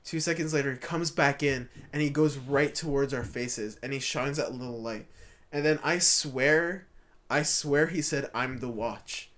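A young man is rambling through a story on a casual podcast. His voice sits a little high, and he stumbles over restarts and fillers as he talks. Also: moderate pace, fairly bright tone. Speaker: podcast host.

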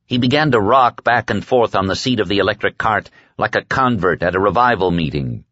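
A man reading an audiobook with deliberate, dramatic storytelling. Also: fairly low pitch, expressive, a bit bright, no echo, highs cut off. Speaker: audiobook narrator. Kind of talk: scripted narration.

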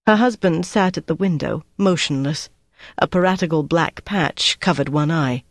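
Even, measured audiobook narrator. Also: medium pitch, dry recording, studio quality. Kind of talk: scripted narration.

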